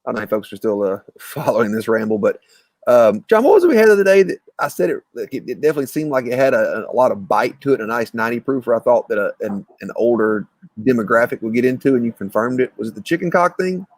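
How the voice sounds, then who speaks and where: A man, co-hosting a casual podcast chat over drinks, talking in a fast, rambling, teasing way. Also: medium pitch, lively intonation, no echo, clean studio sound. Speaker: podcast co-host.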